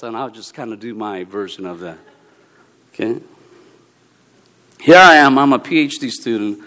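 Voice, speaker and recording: Animated minister in an echoing hall. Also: male voice, mid-range voice. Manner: animated storytelling with bursts of exclamation and laughter. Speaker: Presbyterian minister. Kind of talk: humorous sermon talk. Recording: long reverb of a large hall.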